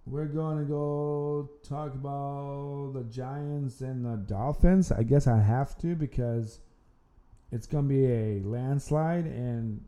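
A man's voice: medium pitch, mellow. A man hosting an amateur sports podcast, talking casually and rambling, often repeating words and restarting his sentences. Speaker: podcast host.

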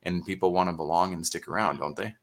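A middle-aged man in casual podcast conversation, speaking in a thoughtful, halting way with many fillers. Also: sits low, steady tone.

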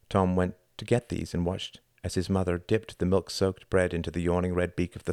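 Deep-voiced male audiobook narrator. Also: flat delivery, darkish tone, no room sound, studio quality. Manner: measured and deliberate. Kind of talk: scripted narration.

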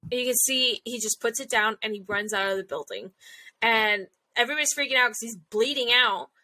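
A woman's voice: fairly high pitch, a little fast, pushed and bright. A woman casually recapping a show episode, retelling scenes and acting out the characters' lines. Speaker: podcast co-host.

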